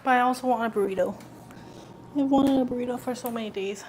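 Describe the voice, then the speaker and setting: A woman streamer with a slightly high voice chats casually to her audience. She rambles in loose, offhand phrases, swears freely and often seems to be talking to herself. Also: quick pace, background noise. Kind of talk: casual live-stream chat.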